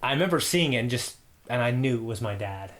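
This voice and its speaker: A man in his thirties spins a rambling story from his teenage years, swearing freely and punctuating it with "okay?" and "all right?". His voice sits at an ordinary middle pitch and has a loose, chatty podcast feel. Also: fast, a little hiss or hum. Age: 30s. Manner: profane, animated anecdote with frequent "okay?" asides. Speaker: podcast co-host. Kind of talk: casual storytelling.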